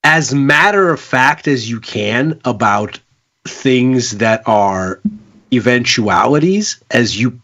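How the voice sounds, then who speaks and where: Man, middle-aged, bright tense voice, measured, explanatory co-host. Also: medium pitch, animated, lo-fi sound. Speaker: market analyst co-host. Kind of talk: casual chat and market analysis.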